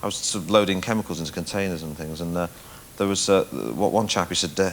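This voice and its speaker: A man's voice: low-pitched, fast, few pauses, slight background noise. A comedian in his thirties, telling a self-deprecating story on a chat show and stammering as he starts sentences. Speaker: comedian guest. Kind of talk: anecdotal chat show talk.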